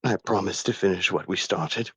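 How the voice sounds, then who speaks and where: A man's voice: deep voice, normal speed, fairly bright tone, husky, no room sound, exaggerated voice. A man playing a grieving male warrior bound by an oath, talking in a tearful, pleading way. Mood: solemn.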